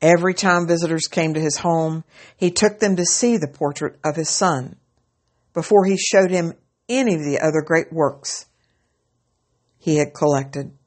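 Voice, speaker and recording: A woman narrating a story aloud in a slow, measured reading. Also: low voice.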